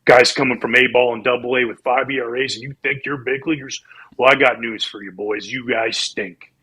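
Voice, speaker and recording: A man's voice: medium pitch, fairly even intonation, fairly quick, pushed and bright, breathy edge. A man imitating a furious older baseball manager who berates his players in a profane tirade.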